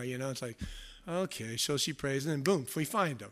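A man's voice: mid-range voice, expressive, normal speed, fairly bright tone. A middle-aged man preaching a sermon, telling stories with self-mocking humor in a conversational way. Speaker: pastor.

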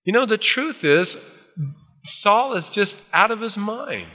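A man preaching, reading scripture aloud and then retelling it with lively acted-out voices. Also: high voice, takes it slowly, big-room sound, lo-fi sound. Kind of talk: expository Bible teaching.

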